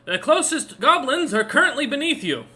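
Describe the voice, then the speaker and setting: A man voicing a loyal male royal guard and spymaster who reports formally and shouts his answers. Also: high-pitched, animated, normal speed, voice pushed up. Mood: shouting dutifully.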